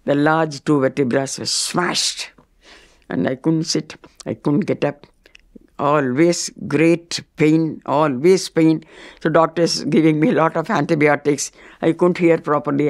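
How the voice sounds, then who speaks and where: An older woman with an Indian English accent, telling a personal testimony in a lively storytelling manner and acting out others' words. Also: low voice, unhurried. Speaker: devotee sharing a testimony.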